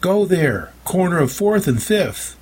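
A man voicing a fierce, defiant young woman who shouts her lines in an audiobook. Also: high voice, big pitch swings, a little slow, slightly rough, pitched above the performer's own voice, exaggerated voice. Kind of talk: audiobook character voice.

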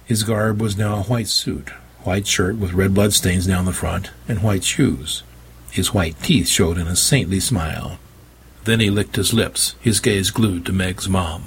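A man narrating a story in the first person with a wry, deadpan delivery and a husky voice. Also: deep voice, unhurried, slight background noise. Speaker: audiobook narrator.

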